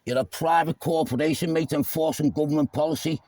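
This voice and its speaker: A man filming himself in an argument with police, repeating "mate" and often shouting. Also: on the high side, steady tone, a little fast, no room sound, rough recording. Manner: argumentative, repeats "mate" constantly, stumbles over words. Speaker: self-filming activist. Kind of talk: heated roadside argument. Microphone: handheld phone camera.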